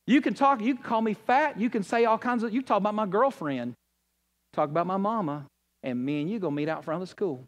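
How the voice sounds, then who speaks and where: A man preaching a sermon in a folksy, conversational way, acting out quoted voices and swinging from loud high bursts to low hushed lines. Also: fairly quick. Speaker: pastor.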